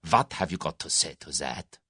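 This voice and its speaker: An actor voicing a cold, commanding German conspirator with a clipped, threatening delivery. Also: male voice, extremely low pitch, expressive, normal speed, pushed and bright, slightly rough, no room sound, clean studio sound, voice pushed down, full character voice.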